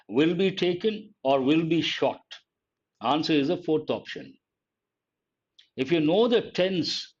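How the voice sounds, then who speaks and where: Male grammar teacher, slightly high voice, slow and deliberate, dull lo-fi stream. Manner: slow, deliberate, repeats key phrases, quizzes viewers. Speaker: English teacher. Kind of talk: live online grammar lesson.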